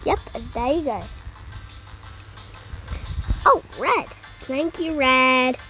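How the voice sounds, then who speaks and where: Very high-pitched girl gaming. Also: extremely slow, soft background music. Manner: excitable, frustrated outbursts at the game. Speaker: gamer. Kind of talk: casual gameplay commentary.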